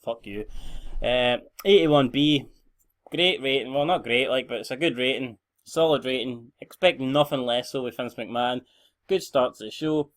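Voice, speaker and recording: A man's voice: medium pitch, normal speed. A young Scottish man giving rambling, blunt, sweary commentary on a game he is playing. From Scotland. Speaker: gaming channel host.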